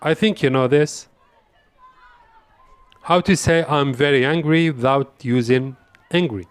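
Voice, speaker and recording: Slow, deliberate male English teacher. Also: mid-range voice, dry recording, a faint crowd. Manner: slow, deliberate, repeats example phrases. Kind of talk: quiz-style language lesson.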